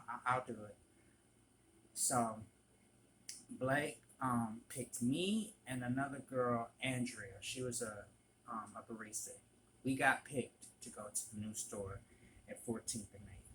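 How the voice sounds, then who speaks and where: A man's voice: mid-range voice, fairly bright tone, slight background noise, poor audio. A man in casual storytelling mode, candid and blunt, ranting with frequent restarts. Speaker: vlogger, former barista.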